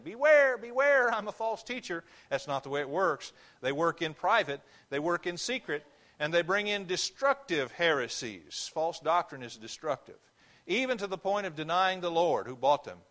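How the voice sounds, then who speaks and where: Emphatic preacher, man with higher voice. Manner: emphatic, swings between loud stresses and quiet asides. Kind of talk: sermon. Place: church.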